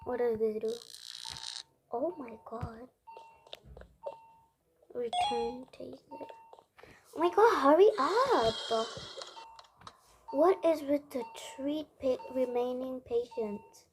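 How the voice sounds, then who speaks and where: A young woman talking through a horror game as she plays, jumpy and panicky and quick to squeal at the scares. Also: high voice, lively intonation. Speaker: gamer playing a horror game. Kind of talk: live gameplay commentary. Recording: noisy home recording.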